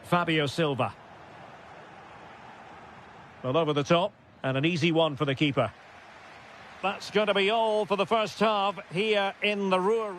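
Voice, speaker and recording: A man giving recorded play-by-play football commentary for a video game, with crisp calls of player names that rise to shouted goal calls. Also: high-pitched, steady tone, normal speed, slight background noise.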